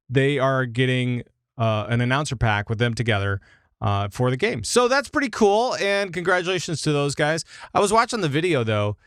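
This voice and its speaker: Upbeat man, podcast host, smooth clear voice, dry close sound. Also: medium pitch, fairly bright tone, no room sound. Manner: upbeat, quick short acknowledgments. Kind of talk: casual gaming news chat.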